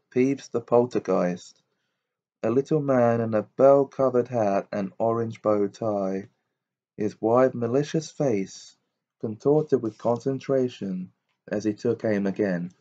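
A man reading a fantasy novel aloud as an audiobook narrator, in a steady, measured way. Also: lowish voice. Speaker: audiobook reader. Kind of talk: storybook narration. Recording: dull lo-fi audiobook recording.

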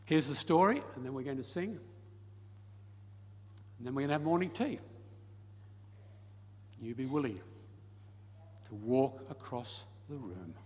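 A man preaching a sermon and telling a story, swinging from loud emphasis to soft, hushed lines. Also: mid-range voice, lively intonation, measured pace, pauses often, breathy edge. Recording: long hall reverb.

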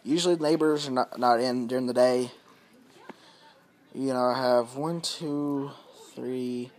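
At home indoors, a man records a phone-camera vlog, spinning out a long story in a loose, profanity-laced way and circling back over the same points. He speaks at a medium pitch with a darkish tone.

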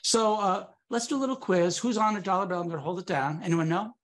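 A man's voice: sits high, fast talker, a bit bright. A man performing comic magic patter for a live audience, swinging from very serious to absurd, with teasing asides.

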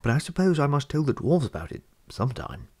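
A man's voice: mid-range voice, sing-song, a little fast, a little mellow, slightly rough. A man voicing a small, anxious male hobbit burglar in a storybook reading, fretting and calling out for help. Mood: uneasy. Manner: fretful, crying out for help.

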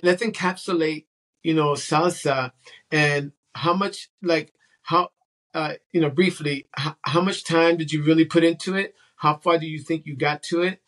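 A man's voice: on the high side, steady tone, moderate pace, fairly bright tone. Guy host asking stuff, lots of um and you know. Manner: rambling, hesitant, many fillers. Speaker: interview host. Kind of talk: casual interview.

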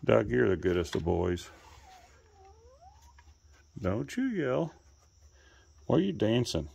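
A man talking to his pets outdoors in a coaxing, playful way, calling them in high sing-song baby talk and teasing them with mild swearing. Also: sing-song, slow, creaky, pauses often, a little mellow, breathy edge, lo-fi sound. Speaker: pet owner filming animals. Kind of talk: casual talk to animals.

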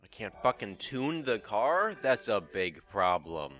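A man's voice: fairly low pitch, sing-song, a little slow, muffled recording, faint music behind. Profane young man ranting over gameplay. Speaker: game streamer. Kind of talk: casual gameplay commentary.

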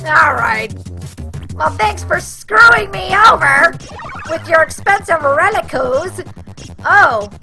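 Very high-pitched, excitable young woman gamer. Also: slow, vocal fry, faint music behind. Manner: excitable, swearing, frequent shrieks and yelps. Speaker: gaming channel host. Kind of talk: let's play commentary.

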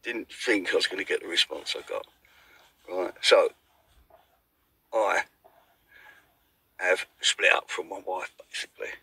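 A man recounting his own troubles in a halting, stumbling way, repeating words as he goes. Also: sits low, bright, forceful tone, husky, dry recording, low-quality recording. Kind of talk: confessional personal account.

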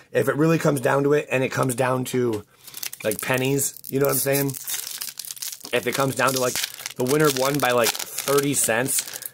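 A man hosting his channel, chatting casually and rambling with frequent restarts as he opens card packs, his voice cracking. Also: mid-range voice. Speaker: card-opening channel host. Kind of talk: casual commentary while opening packs.

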